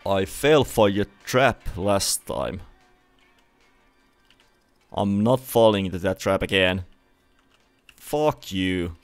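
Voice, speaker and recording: A young man with a Finnish accent doing let's play commentary, excitable and swearing often at the game. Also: on the low side. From Finland. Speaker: gaming youtuber.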